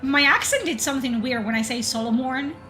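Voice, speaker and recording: A woman's voice: high-pitched, brisk, bright, forceful tone, faint music behind. A woman streaming a game, chatting casually and swearing, reading chat aloud. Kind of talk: casual livestream chat while gaming.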